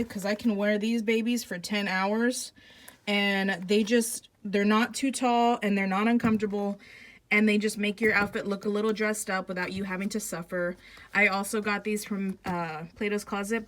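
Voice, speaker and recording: A young woman giving a casual closet tour at home, chatty and enthusiastic, with lots of fillers. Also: mid-range voice. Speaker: vlogger.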